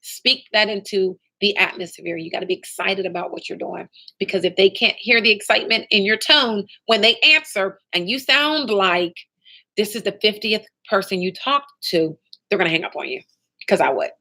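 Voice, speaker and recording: A woman's voice: mid-range voice, animated, a little fast, bright, forceful tone. A woman running a live training session for sales agents, upbeat and motivational, often checking in with "okay?" and "right?".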